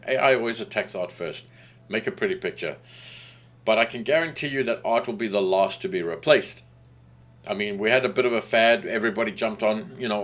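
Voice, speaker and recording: Brief: candid male artist-podcaster, lively up-and-down delivery, blunt and rambling. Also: on the low side. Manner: frank, rambling, repeats phrases. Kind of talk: casual monologue.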